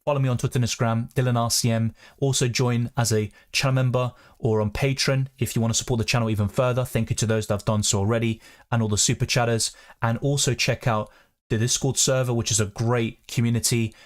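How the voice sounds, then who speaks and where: A young man hosting a live question-and-answer stream, chatting quickly and reading out viewer comments. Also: medium pitch, steady tone. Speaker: fantasy football streamer.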